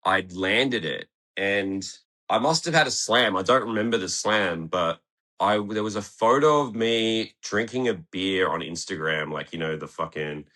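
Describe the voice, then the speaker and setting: This deep-voiced Tasmanian man has a bright, expressive tone and talks a little slowly. He's a guest skateboarder telling stories in a relaxed podcast-studio interview, easygoing, cursing a lot and laughing through the tale.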